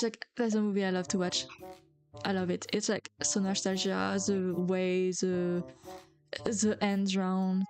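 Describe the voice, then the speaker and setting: A young adult woman who speaks French natively chats casually as a VTuber on her stream, rambling with plenty of filler words and giggles. Her voice is medium-pitched and a little mellow.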